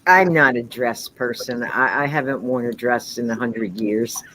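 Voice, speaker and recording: A woman co-hosting a live stream, giving brief, unhurried replies in casual chat. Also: rumbling low, fairly bright tone, slight background noise, rough recording. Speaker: co-host of a live psychic reading show.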